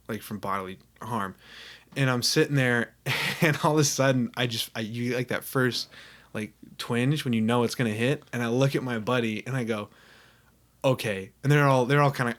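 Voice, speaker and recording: A man's voice: medium pitch, fairly bright tone. Young man, podcast guest, casual storytelling, frequent laughter, mid-range voice. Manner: laughs often while telling a story.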